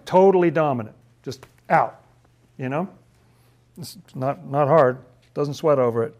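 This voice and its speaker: A man's voice: mid-range voice, measured pace, darkish tone. A man leading a casual Bible study, chatty and laughing often, who acts out the figures' lines in playful voices.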